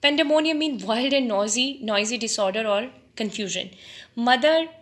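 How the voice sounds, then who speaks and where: A woman teacher reading a story aloud to students, pausing deliberately to define words and quiz them. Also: on the high side, expressive, a bit bright.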